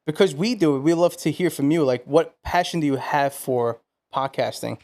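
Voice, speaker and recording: Man, podcast co-host, easygoing chat, slightly high voice. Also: normal speed, a little mellow. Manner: easygoing, asks the guest questions. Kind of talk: casual podcast conversation.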